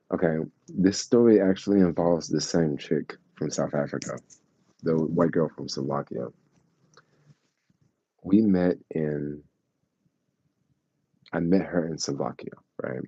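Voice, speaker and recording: A man casually telling his travel stories to a live chat, slangy and animated, acting out the people he quotes. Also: a bass voice, slow pace, pauses often, slightly rough, dry recording, highs cut off. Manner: animated, acts out quoted voices, laughs, slangy.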